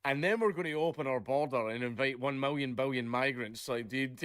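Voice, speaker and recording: A man's voice: medium pitch, fairly quick, hardly any pauses, a bit bright, clean tone, no room sound, clean studio sound. A man ranting casually on a live stream, rambling and leaning on filler words, swearing often. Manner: rambling, leans on "basically" and "right?", swears a lot.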